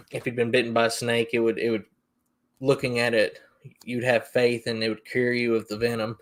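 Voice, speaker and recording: Folksy podcast host, rambling storyteller. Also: male voice, mid-range voice. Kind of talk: casual storytelling.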